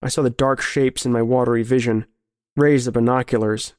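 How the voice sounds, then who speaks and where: A man narrating a grim story in a measured, serious way. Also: medium pitch, fairly even intonation, a little mellow, no echo, clean studio sound. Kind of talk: scripted horror story narration.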